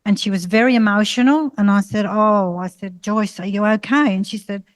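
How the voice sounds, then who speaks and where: A middle-aged woman, sharing a personal testimony at a panel discussion in a halting way, with many fillers and restarts. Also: medium pitch, steady tone, no echo. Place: college panel session.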